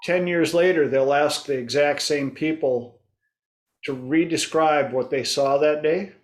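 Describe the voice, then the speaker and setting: A man's voice: fairly high pitch, a little slow. A man hosting a casual group discussion, telling stories and acting out his clients' voices. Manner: storytelling, acts out clients' voices. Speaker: host.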